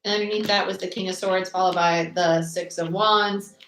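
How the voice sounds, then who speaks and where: Chatty tarot reader, low and echoey. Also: female voice, fairly even intonation, a bit bright. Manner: chatty, quick, lists cards aloud. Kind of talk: live tarot reading. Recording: echoey room with faint noise.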